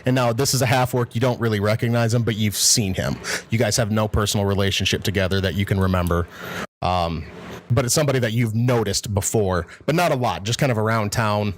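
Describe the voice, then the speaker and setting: Relaxed man running a tabletop game. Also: lowish voice, fairly quick, slight background noise. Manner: relaxed, chatty, rambling. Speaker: game master. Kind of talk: casual tabletop narration.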